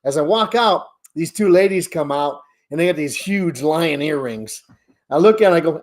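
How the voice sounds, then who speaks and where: Here a podcast co-host talks casually on a video call, his slightly high voice full of lively intonation at an ordinary speed. His stories ramble, and he curses a lot.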